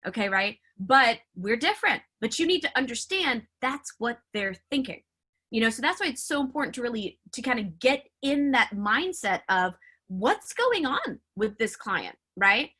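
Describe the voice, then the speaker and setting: Woman trainer, chatty and animated, bright higher voice, video call mic. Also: moderate pace, breathy edge. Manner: chatty, filler-heavy, animated. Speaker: sales trainer.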